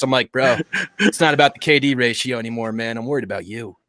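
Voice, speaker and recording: A man's voice: medium pitch, sharp tone, no room sound. A man co-hosting a casual gaming chat, joking and swearing in loose banter. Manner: fast, joking, profane banter. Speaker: co-host.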